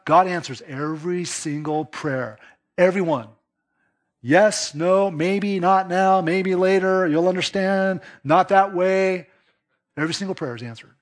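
A man preaching a sermon, lively and emphatic, acting out quoted voices and dropping to a hush for emphasis. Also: fairly high pitch. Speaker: pastor.

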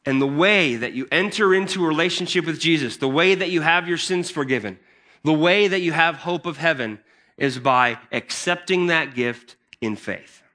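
A pastor preaching a sermon in a conversational, emphatic way. He often restarts his phrases and builds into excited bursts. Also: on the high side, moderate pace. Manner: conversational and emphatic, with many repeated starts and a rising, excited delivery.

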